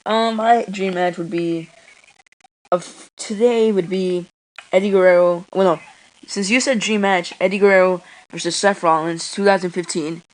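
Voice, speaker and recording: A woman's voice: mid-range voice, fairly even intonation, unhurried, low-quality recording. Rambling, hesitant woman podcast host. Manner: rambling, hesitant, many ums. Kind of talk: casual podcast chat.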